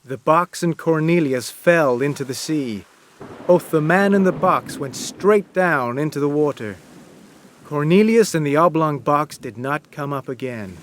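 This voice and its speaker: A man narrates a storybook in a slow, deliberate reading. His voice sits a touch high and moves a lot in pitch, giving the story lively expression. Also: slight background noise. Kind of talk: storybook narration read aloud.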